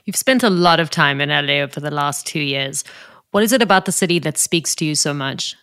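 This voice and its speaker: Playful woman interviewer with a low voice. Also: fairly quick, a bit bright, clear, resonant tone. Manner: playful, teasing questions. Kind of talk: casual interview chat.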